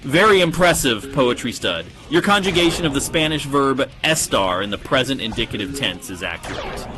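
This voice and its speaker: Synthetic man voicing a sarcastic AI poet bot, pompous, theatrical, mid-pitched, game music underneath. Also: expressive, moderate pace, lightly acted. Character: snide male AI poet chatbot. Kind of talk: synthetic chatbot voice reading viewer prompts.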